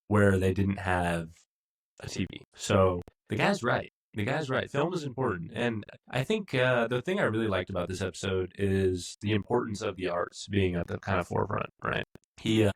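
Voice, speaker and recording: A man with a fairly low voice talks casually as a podcast co-host. He rambles through an episode recap, leaning on "like" and "um". His tone is relaxed and conversational. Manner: rambling, full of fillers. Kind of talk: casual review chat.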